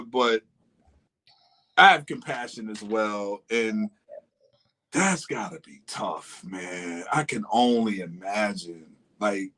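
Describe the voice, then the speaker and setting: A man from Atlanta, co-hosting a recap in an animated, joking way. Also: medium pitch, poor audio. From Atlanta, USA. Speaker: co-host. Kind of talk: casual reality-show recap chat.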